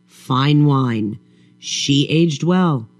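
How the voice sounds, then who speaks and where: A man's voice: medium pitch, drawn-out words, soft background music. A man voicing a cruel, sneering undead husband with a mocking, contemptuous drawl.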